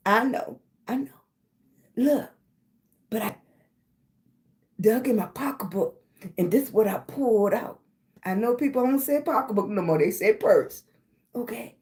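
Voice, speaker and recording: A middle-aged woman hosts a motivational livestream. She talks slowly and pushes each affirmation again and again, calling her viewers baby. Her voice sits a little high. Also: darkish tone. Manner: emphatic, repetitive affirmations, calls viewers baby. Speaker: livestream host.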